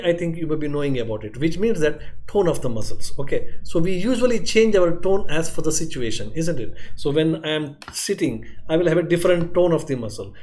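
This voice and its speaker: A man's voice: a little high, a little mellow. Explaining man lecturing. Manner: explanatory, repeats points, frequent "okay" and "isn't it". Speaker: medical lecturer. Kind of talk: classroom lecture.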